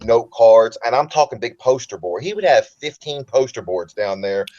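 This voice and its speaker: A man with a baritone voice and a light Southern American accent, a guest talking in a relaxed, rambling way over a remote call. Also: normal speed, dull audio. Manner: relaxed, rambling, comfortable speaker. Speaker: interview guest. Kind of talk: casual interview talk.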